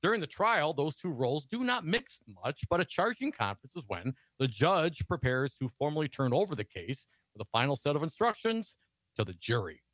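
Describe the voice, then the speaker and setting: A man's voice: a little high, very animated, a little fast, fairly bright tone, no room sound. A man co-hosting a political talk show, reading news stories aloud and adding sarcastic asides.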